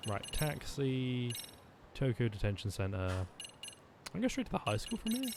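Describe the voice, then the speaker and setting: A man's voice: medium pitch, wildly swooping pitch, moderate pace, heavy background noise. A tired man streaming a game, rambling through wry casual commentary with lots of restarts. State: tired, yawning. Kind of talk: casual commentary over gameplay.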